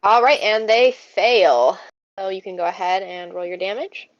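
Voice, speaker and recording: A woman running a tabletop game as game master, narrating the scene in an unhurried way with fillers. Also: mid-range voice, no room sound. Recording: dull lo-fi mic.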